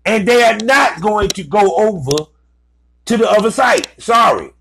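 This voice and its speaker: A man's voice: high-pitched, expressive, measured pace, gravelly, a bit bright, slight background noise. A man giving blunt, profane business advice in a casual, ranting commentary. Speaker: vlogger giving advice to content creators.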